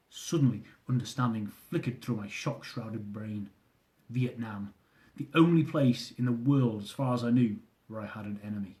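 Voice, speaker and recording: A man reading his own comic travel memoir aloud, with animated delivery. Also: mid-range voice, fairly quick. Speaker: author.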